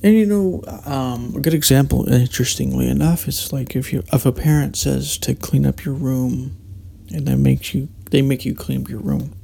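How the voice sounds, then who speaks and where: Gravelly, mellow-voiced man musing aloud. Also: medium pitch, normal speed. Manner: meandering, many restarts and hesitations. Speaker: podcast host. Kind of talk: reflective solo monologue.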